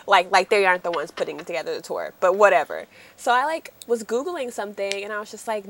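A woman's voice: medium pitch, brisk, hardly any pauses, a little hiss or hum. A young woman co-hosting a podcast, chatting casually and telling stories with lots of laughter. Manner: animated, laughs often, storytelling. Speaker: podcast co-host. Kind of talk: casual chat.

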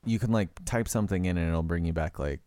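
Deep-voiced man joking in a podcast. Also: dark tone, dry recording, clean studio sound. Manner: quick questions and joking interjections. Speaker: podcast co-host. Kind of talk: casual chat.

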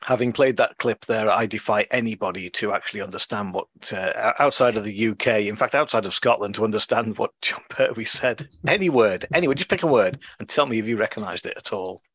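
A man co-hosting a podcast, chatting casually, excitable and chuckling as he reels off names. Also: lowish voice, quick pace, hardly any pauses, husky, no echo. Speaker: podcast co-host.

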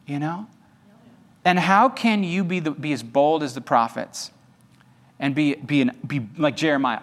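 A man's voice: high voice, fairly bright tone. A male pastor preaching an emphatic sermon, firing rhetorical questions at his congregation. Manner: talks straight to the congregation.

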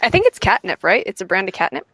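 A woman's voice: medium pitch, sing-song, fast talker, bright, forceful tone, slightly rough. A woman in a casual livestream chat, dry and mock-exasperated.

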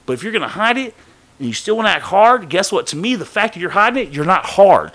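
Animated, profane man telling a story. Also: high-pitched, fast talker. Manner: profane, animated, acts out quoted voices. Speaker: podcast guest telling his story. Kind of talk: casual storytelling.

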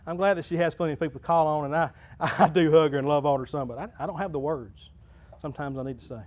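High-voiced pastor preaching. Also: male voice, quick pace. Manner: folksy, builds to loud preaching crescendos then drops low. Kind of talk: sermon. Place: church sanctuary.

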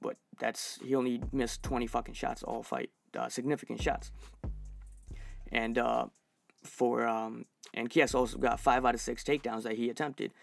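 Solo podcast host, male, gravelly, mid-pitch, profane and fired up, lots of ums. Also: little pitch movement, moderate pace, a little hiss or hum. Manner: profane, heated, many fillers. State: recovering from infection, dehydrated. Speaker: podcast host reviewing fights. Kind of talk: casual solo podcast rant.

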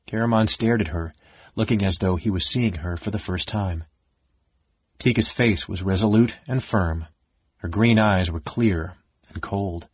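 A man narrating a fantasy audiobook in a measured, expressive storytelling manner. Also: low voice, husky, dry recording. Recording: dull lo-fi dry audiobook recording.

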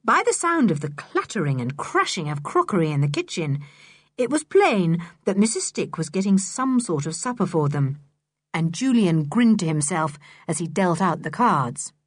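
A woman narrating a children's audiobook in an expressive, animated reading style. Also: medium pitch, slightly rough, no echo, clean studio sound. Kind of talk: storybook narration.

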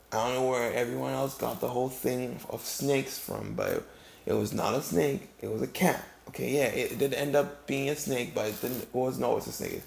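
Gravelly man telling a rambling tale. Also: medium pitch, darkish tone. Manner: rambling, stumbles and restarts. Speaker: comedic storyteller. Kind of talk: deadpan comedic storytelling.

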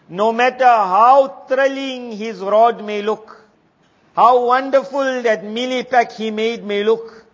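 A man giving an Islamic sermon, asking rhetorical questions and answering them himself. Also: high-pitched. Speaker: Islamic teacher. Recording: reverberant lo-fi hall recording.

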